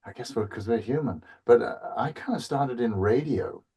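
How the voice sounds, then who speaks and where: A man's voice: mid-range voice, moderate pace, dark tone, breathy edge. A man guest on a podcast talking in a rambling, playful way, often restarting his thoughts. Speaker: voice actor guest. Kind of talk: casual podcast chat.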